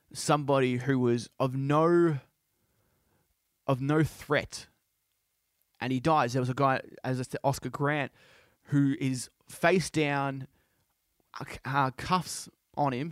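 A man hosting a podcast, speaking in an impassioned, halting way with many restarts. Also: mid-range voice, no room sound, studio quality. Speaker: podcast host. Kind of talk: casual monologue.

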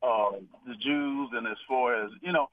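A male caller from Florida, speaking haltingly and repeating words. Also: mid-range voice. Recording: phone line.

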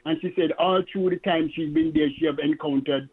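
A male caller on a radio talk show who speaks haltingly, tripping over repeated words. His somewhat husky voice comes through a narrow, tinny phone line. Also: a little high, fairly even intonation.

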